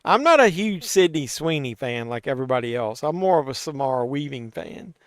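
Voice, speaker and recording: A man's voice: mid-range voice, sing-song, a little fast, no room sound, clean studio sound. A man hosting a live watch-along stream, chatting casually with viewers, loose and profane and a little tipsy from drinking. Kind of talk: casual live-stream chat, reading chat aloud.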